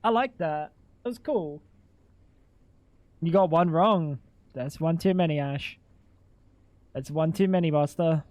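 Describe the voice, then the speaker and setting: A man's voice: a little high, measured pace, long pauses, a little mellow, no room sound. A young adult man streaming live, chatting casually with crude jokes and swearing, sounding incredulous.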